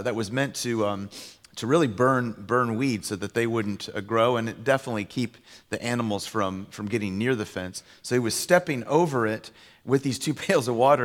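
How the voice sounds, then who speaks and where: A male pastor tells stories throughout his sermon in a relaxed, conversational way, full of filler words, restarts, and self-corrections. His mid-pitched voice rings with a long reverb, as though heard in a large church hall.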